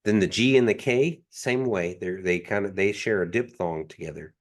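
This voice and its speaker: A man's voice: low-pitched, moderate pace. A man teaching a language class, patiently repeating each sound three times in a pronunciation drill.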